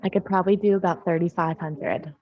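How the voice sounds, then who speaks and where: A woman acting as a customer in a sales training role-play, answering in brief, measured replies. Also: lowish voice, steady tone, no room sound, highs cut off.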